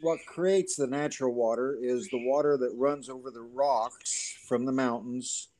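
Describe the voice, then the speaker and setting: A man with a Southern US accent talks as a podcast guest. His pitch sits in the middle, and his speech is halting and full of filler pauses as he explains his claims. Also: darkish tone. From Alabama, US. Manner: halting, many uhs, explains water health claims. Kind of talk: casual podcast chat.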